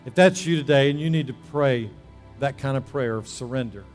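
A man preaching a sermon as a pastor, alternating between loud emphasis and soft, hushed prayerful passages. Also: medium pitch, brisk, long reverb tail, soft background music. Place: church sanctuary.

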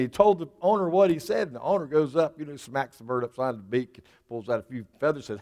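A man with a fairly high voice preaches a sermon in a church sanctuary, and a long reverb trails after his words. He talks in a conversational way as pastor and often repeats words as he goes. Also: fairly quick, few pauses, darkish tone. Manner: conversational, repeats words while telling a story.

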